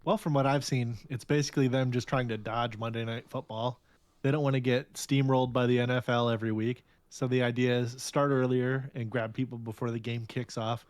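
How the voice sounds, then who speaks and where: Guy chatting on a podcast, mid-pitch voice, dry close mic. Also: level tone, a little fast, no echo. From United States. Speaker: podcast co-host. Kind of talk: casual chat.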